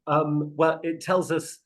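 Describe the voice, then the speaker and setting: A man training people in sales negotiation, telling an anecdote in a lively, animated way, laughing often and restarting his sentences. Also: on the high side. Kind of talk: lively anecdote with acted quotes.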